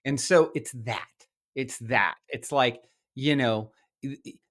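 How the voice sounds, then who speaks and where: Bright-voiced man telling stories. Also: medium pitch, slow. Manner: animated, many restarts and quoted asides. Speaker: podcast guest, entrepreneur. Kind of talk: storytelling in conversation.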